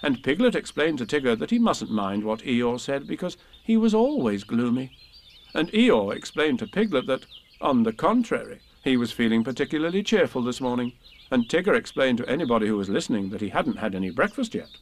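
A man reading a children's storybook aloud with slow, expressive narration. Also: mid-range voice.

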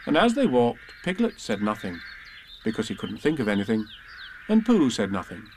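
A man reading a children's storybook aloud with slow, expressive narration. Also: lowish voice, a little hiss or hum.

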